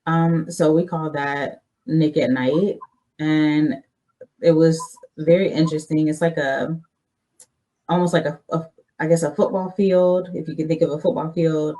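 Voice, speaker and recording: A woman's voice: deep voice, fairly even intonation, measured pace, warm tone, low-quality recording. A woman who is an army veteran, a guest on a podcast interview, telling her stories in a candid, loosely structured way.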